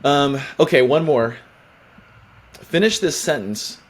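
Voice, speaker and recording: A man's voice: fairly low pitch, moderate pace. A man hosting a casual podcast interview, asking lighthearted questions in a playful way. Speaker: podcast host.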